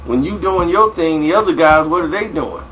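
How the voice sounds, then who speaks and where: A man's voice: a little high, lively intonation, moderate pace, a bit bright, slight background noise, low-quality recording. A man casually telling a story in a slangy style, full of "you know" and "like". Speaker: vlogger.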